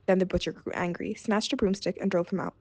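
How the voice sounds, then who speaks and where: A woman storyteller reading a fairy tale aloud in a steady, measured way. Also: lowish voice, husky, dry recording.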